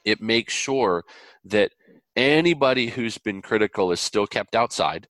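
A man as an interview guest, talking earnestly and animatedly, with lively quoted voices and preacher-like biblical illustrations. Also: fairly low pitch, measured pace, no room sound. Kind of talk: conversational interview.

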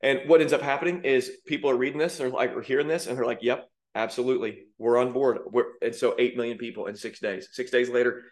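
A man's voice: medium pitch, steady tone, quick pace, hardly any pauses. A man preaching with fiery indignation, rising to emphatic peaks as he reacts to song lyrics. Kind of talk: sermon-style commentary.

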